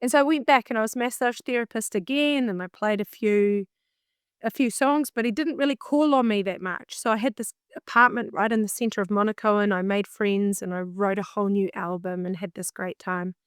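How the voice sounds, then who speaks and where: A woman with a New Zealand accent, a singer telling a story in an interview in an animated way, often laughing at herself. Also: mid-range voice, a little fast, clear, resonant tone, dry recording, clean studio sound. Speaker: singer and vocal coach, guest.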